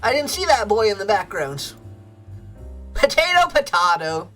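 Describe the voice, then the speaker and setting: A woman's voice: medium pitch, big pitch swings, a little fast, slightly rough, soft background music. A woman streamer giving casual, playful commentary while playing a game. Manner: bubbly, playful.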